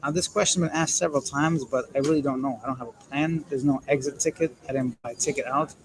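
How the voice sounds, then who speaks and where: A man's voice: medium pitch, fairly even intonation, fast, rough recording. A man live-streaming from an airport transit area on his phone, chatting casually and jokingly as he reads viewer comments. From Canada. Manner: joking, rambling, candid. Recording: busy airport crowd noise. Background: crowd chatter and PA announcements.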